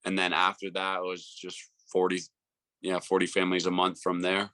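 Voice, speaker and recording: A young man in his twenties with a very deep but bright, forceful voice. He tells his story casually, full of "like" and acted-out dialogue. The recording is dry. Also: monotone, moderate pace, clean tone, no echo. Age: 20s. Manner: chatty, says "like" a lot, acts out past dialogue. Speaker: guest.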